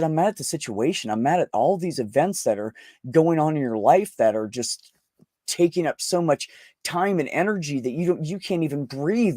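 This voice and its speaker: A man's voice: medium pitch, mellow, no echo, clean studio sound. A man candidly telling a personal story in casual conversation, blunt and emotional, swearing often. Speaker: podcast host.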